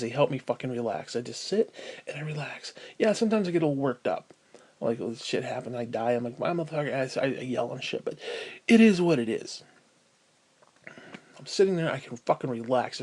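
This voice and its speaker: This gaming vlogger's voice is medium in pitch, darkish and breathy. He rambles casually at the camera, cursing and growing more agitated as he talks.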